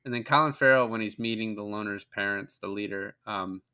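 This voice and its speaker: A man's voice: on the low side, a little fast, pushed and bright, smooth. A man co-hosting a podcast, casually recapping a film in a rambling, profane way. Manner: rambling, profane, quotes characters in passing. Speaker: podcast co-host.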